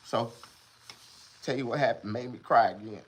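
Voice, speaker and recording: A middle-aged man, talking casually on a livestream and swinging between loud mock crying and low muttering. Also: quick pace, breathy edge.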